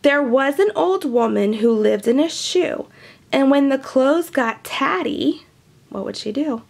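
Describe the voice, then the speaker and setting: Woman, high voice, unhurried, slight vocal fry, gentle storytime reading, chatty and teacherly. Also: animated. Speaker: children's storyteller. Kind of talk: reading a picture book aloud to kids.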